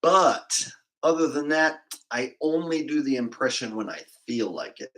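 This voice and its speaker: A man's voice: medium pitch, expressive, unhurried, fairly bright tone, rough recording. A man livestreaming, chatting casually and jokingly with his viewers in a rambling, off-the-cuff way. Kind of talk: casual chat with live viewers.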